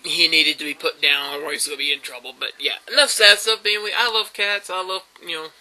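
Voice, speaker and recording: A man's voice: a little high, steady tone, fast, pushed and bright, low-quality recording. A man, telling rambling stories in a casual vlog monologue, full of fillers and laughs. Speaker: YouTube vlogger.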